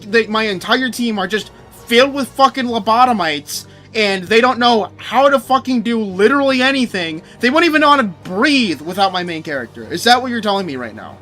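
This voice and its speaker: A man's voice: very high voice, sharp tone. A young man streaming a game, ranting angrily and sarcastically with lots of swearing. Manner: angry profane ranting, sarcastic. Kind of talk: live game stream rant.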